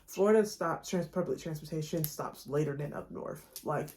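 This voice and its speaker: A young woman vlogger telling a storytime in a chatty, slangy, animated way to her viewers. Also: low voice, normal speed. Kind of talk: casual storytime chat.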